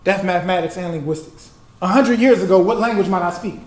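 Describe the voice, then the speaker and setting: A man teaches a lively call-and-response lesson and keeps prompting the crowd to finish his lines. His voice sits fairly high. He is caught from a distance, and the sound rings around a big echoey hall. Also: fast. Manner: animated, prompts the audience to finish his phrases. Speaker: performance poet giving an artist talk. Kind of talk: interactive lecture with call-and-response. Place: lecture hall with a live audience. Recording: echoey hall recording from far off.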